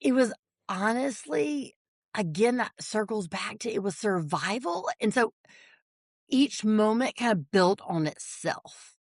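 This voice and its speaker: A woman, a podcast guest telling a personal story, animated and quick to laugh. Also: mid-range voice, no room sound. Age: 40s. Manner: animated storyteller, acts out family voices, laughs often.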